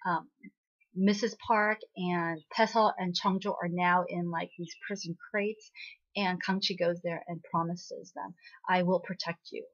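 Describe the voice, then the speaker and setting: A woman's voice: fairly low pitch, fairly even intonation, measured pace. A woman casually recapping a television drama episode in a chatty way, full of "you know" and "right?" fillers. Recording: slightly dull lo-fi audio.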